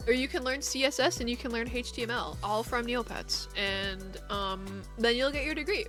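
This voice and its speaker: A young woman streaming and chatting casually with viewers, animated and rambling, laughing often. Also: on the high side, normal speed, soft background music.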